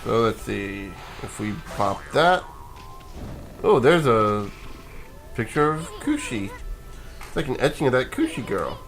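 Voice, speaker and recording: A sleepy man talks through a video game session in a loose, rambling way, chuckling and restarting his sentences as he goes. His voice sits at an ordinary middle pitch, with faint game music playing underneath. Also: very animated, measured pace, long pauses, a bit bright. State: sleepy, yawning. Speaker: let's play gamer. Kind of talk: casual gameplay commentary.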